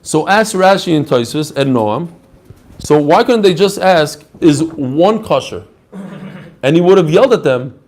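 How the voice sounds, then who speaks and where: A man teaching a lively Talmud class, mixing in Hebrew and Aramaic terms and acting out the rabbis' answers. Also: on the high side, moderate pace. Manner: animated, mixes Hebrew and Aramaic terms, acts out quoted answers.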